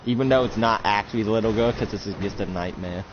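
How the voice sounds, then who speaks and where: Low-voiced man narrating a casual role-play. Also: fast. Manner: rambling, with many restarts. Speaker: game master narrator. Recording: muffled lo-fi, loud noise.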